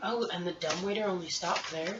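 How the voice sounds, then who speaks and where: A woman's voice: fairly low pitch, fairly quick. A woman playing a tabletop game in casual chat, asking many questions. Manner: inquisitive, asks many questions. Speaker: player. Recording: distant, roomy, lo-fi with noise.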